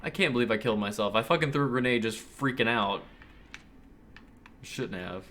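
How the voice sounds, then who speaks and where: A young man commentating his own online shooter match, excitable and cursing, yelling at other players. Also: medium pitch, normal speed. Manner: excitable, swears often, yells at other players. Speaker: gamer streamer. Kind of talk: live gameplay commentary.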